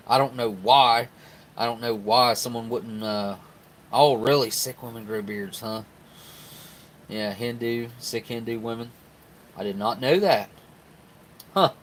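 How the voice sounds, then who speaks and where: A man's voice: medium pitch, slow, long pauses, poor audio. A middle-aged man with a southern Ohio Appalachian accent, hosting a casual live stream where he rambles in a folksy way and reads viewer comments aloud. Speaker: live-stream host reviewing military rations.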